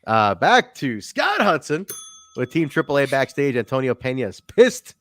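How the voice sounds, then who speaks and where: A man's voice: medium pitch, very animated, normal speed, a bit bright, no room sound. A man hosting a podcast, chatting casually and joking, with plenty of swearing. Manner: laid-back, joking, swears freely. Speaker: podcast host. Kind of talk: casual review chat.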